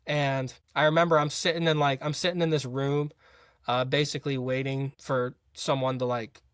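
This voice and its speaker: Speaking at a normal speed with a level, medium-pitched voice, this young man, a college football player, rambles through his story as an interview guest, restarting often and filling gaps with fillers. The studio sound is clean and free of echo.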